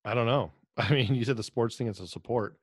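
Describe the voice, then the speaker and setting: A man's voice: mid-range voice, brisk, dry recording, studio quality. A man co-hosting a podcast in casual chat, joking and chiming in with quips and his own story. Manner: joking banter, chimes in with quips. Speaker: podcast co-host. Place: on a video call.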